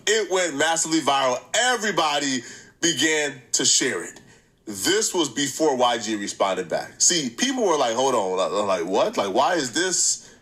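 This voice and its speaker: A man hosting a reaction channel, giving casual, animated commentary, laughing easily and repeating points for emphasis. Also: on the high side, rough recording.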